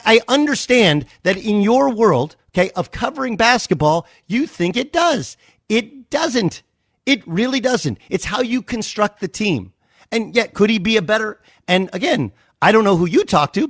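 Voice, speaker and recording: A man's voice: high voice, expressive, moderate pace, fairly bright tone, no room sound, clean studio sound. A man arguing hard in an on-air sports debate, emphatic and insistent. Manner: emphatic, insistent, repeats "okay?". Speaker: sports radio host.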